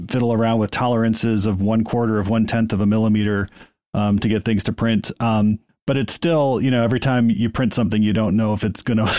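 A man's voice: fairly low pitch, darkish tone, dry recording, clean studio sound. Chatty self-deprecating man on a podcast. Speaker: podcast co-host. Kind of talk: casual panel chat.

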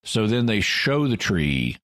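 A man's voice: lowish voice, sing-song, takes it slowly, a bit bright, no echo, clean studio sound. A man co-hosting a podcast, recapping a show with frequent restarts and acted-out quotes. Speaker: podcast co-host. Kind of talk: casual chat, recapping an episode.

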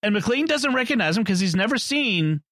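A man's voice: high voice, very animated, normal speed, a bit bright, dry recording, studio quality. A man co-hosting a casual movie discussion podcast, chatty and laughing often, restarting his sentences as he goes. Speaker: podcast co-host.

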